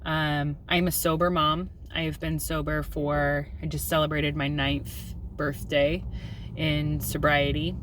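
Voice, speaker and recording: Woman, thirties, mom vlogger, lowish voice, confessional, candid, faint background hiss. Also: level tone, a little slow. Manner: open and confessional, with filler ums and self-deprecating laughs. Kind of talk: candid personal vlog.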